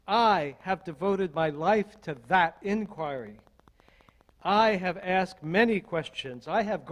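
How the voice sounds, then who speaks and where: An older man, an associate minister, delivering a sermon in a measured, deliberate way with strings of rhetorical questions. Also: sits high, poor audio.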